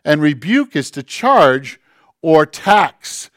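A man preaching a conversational sermon, swinging between loud emphasis and hushed, quiet quoting. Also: on the high side, big pitch swings, slow pace, dry recording, clean studio sound. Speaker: pastor.

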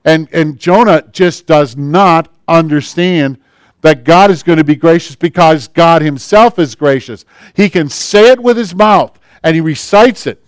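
A male pastor delivers a sermon in a conversational way, often asking his listeners questions. His voice is a little higher than most men's and clear and smooth. It is recorded close up with no room echo. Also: unhurried. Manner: conversational preaching, acting out quoted prayers and asking the congregation questions.

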